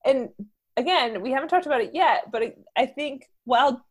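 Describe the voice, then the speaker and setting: High-voiced chatty woman. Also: moderate pace, husky. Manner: chatty, many restarts and "like"s, lively opinions. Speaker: podcast co-host. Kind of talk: casual film discussion.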